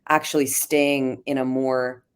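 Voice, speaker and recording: A woman's voice: rumbling low, level tone, measured pace, clear, resonant tone. A woman hosting a live conversation, explaining earnestly and inviting her guest's view. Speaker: host and CEO.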